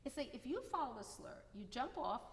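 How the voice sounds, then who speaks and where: A high-pitched woman speaking a little fast, with big swings in pitch, teaches a piano masterclass. She's encouraging and demonstrates by singing phrases, while piano playing echoes through the concert hall.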